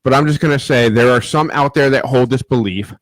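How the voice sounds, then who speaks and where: A man's voice: medium pitch, fairly quick, no echo. A man co-hosting a casual podcast chat, joking and talking over the others. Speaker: podcast co-host.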